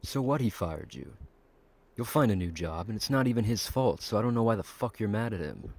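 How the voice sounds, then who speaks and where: A gruff, low-voiced stranger with a husky edge, played by a man, snapping and swearing at the people around him in an amateur game movie. His voice sits deep and rough throughout. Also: lively intonation, a little fast, a little mellow. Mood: irritated. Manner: irritated, cursing, blunt. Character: grumpy male stranger in a lift. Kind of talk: amateur game-video voice acting.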